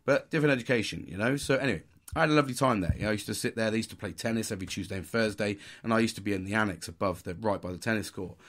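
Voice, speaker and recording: Man, podcast host, casual storytelling, swearing, slightly low pitch. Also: very fast, fairly bright tone. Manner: swears a lot, puts on mock posh voices.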